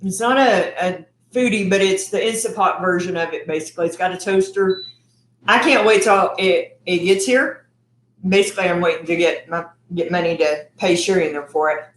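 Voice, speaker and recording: A woman's voice: lowish voice, moderate pace. A middle-aged woman, hosting her cooking channel livestream in a rambling, chatty way, sometimes talking while eating. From Texas. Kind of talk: casual livestream chat. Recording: echoey room.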